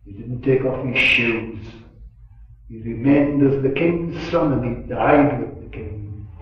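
A man giving a sermon at a gospel meeting, earnest and unhurried, swelling on key words and dropping in chatty asides. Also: mid-range voice. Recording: echoey room, distant mic, dull lo-fi.

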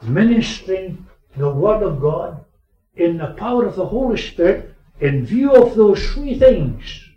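A man's voice: high-pitched, very animated, a little slow. Man preaching in an echoey hall. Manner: preaching with sharp swings between raised emphasis and quiet asides. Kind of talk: sermon. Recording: echoey, distant, muffled recording.

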